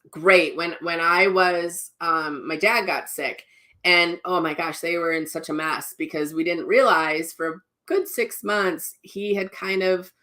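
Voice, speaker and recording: Chatty low-voiced Midwestern woman. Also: sharp tone. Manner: chatty, rambling, many restarts and asides. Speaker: psychic medium and spiritual teacher. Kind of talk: casual spoken teaching with personal stories.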